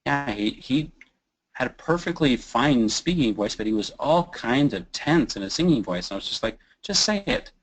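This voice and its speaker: A man's voice: mid-range voice, lively intonation, normal speed, poor audio. Man teaching voice in a casual webinar. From Kansas City area, USA. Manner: casual, demonstrates moans, sighs and creaky sounds. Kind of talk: webinar talk demonstrating vocal exercises.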